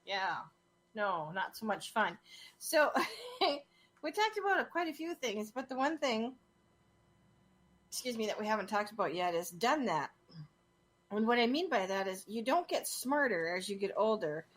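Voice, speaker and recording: Woman, podcast host, slow unhurried talk, lively rising pitch, frequent giggles. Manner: giggly, laughs often. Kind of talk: casual podcast chat. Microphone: video call.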